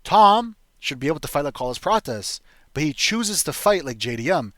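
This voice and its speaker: A man's voice: fairly high pitch, very animated, normal speed, pushed and bright, dry recording. A young man giving a blunt, profane, rambling casual breakdown of fight picks as a show host, full of fillers. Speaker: MMA fight predictions host.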